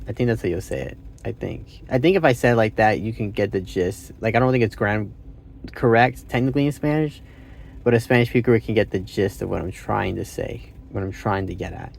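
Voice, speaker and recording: A man's voice: fairly low pitch, a little fast, creaky, darkish tone. A man hosting a casual language-practice vlog, thinking aloud and hesitantly correcting himself. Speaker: channel host.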